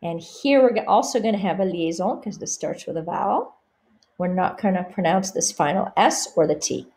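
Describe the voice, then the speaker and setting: A woman teaching French pronunciation over slides. She says each example phrase slowly and clearly, then explains it more quietly. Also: fairly low pitch.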